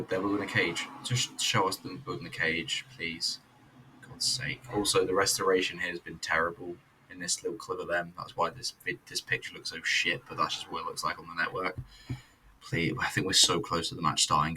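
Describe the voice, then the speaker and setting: A man's voice: sits low, level tone, normal speed, pushed and bright, a little hiss or hum. A man reviewing a wrestling show in casual, rambling commentary, blunt and sweary. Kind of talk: casual commentary over footage.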